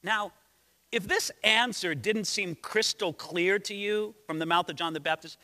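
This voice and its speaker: High, animated preaching man. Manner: animated, conversational, storytelling. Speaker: pastor. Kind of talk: expository sermon. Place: church sanctuary. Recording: echoey church sanctuary.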